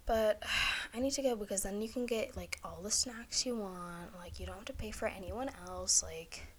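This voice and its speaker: A woman's voice: mid-range voice, normal speed, fairly bright tone, slight background noise. Young woman podcaster just rambling, says like constantly, swears a lot, super casual. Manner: rambling, lots of "like", swears freely. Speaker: podcast host. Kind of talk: casual solo chat.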